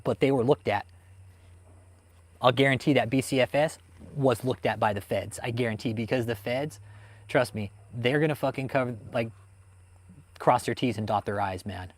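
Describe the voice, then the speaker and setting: A man hosting a livestream, ranting heatedly and swearing constantly as he answers chat. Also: medium pitch. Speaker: host of a livestream on cults. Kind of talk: profane livestream rant, reading chat.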